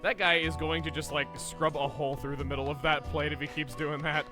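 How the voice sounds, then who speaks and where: A young man streaming a game, talking through it in an animated, chatty, self-mocking way, over game music. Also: on the high side, fairly quick. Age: young adult. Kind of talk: gameplay commentary.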